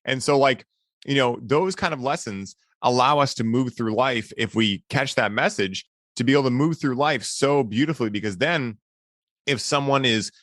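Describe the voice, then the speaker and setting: A mid-pitched man hosts a podcast in an earnest, encouraging way. He tags his points with "right?" and "man" in a relaxed conversational flow. The sound is dry and close. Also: normal speed, no room sound. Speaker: podcast host. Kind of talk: casual reflective conversation.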